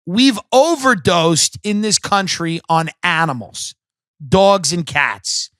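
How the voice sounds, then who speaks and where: A man's voice: high-pitched, a bit bright, no echo. A man hosting a podcast, delivering a comedic, profane and emphatic rant. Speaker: podcast host.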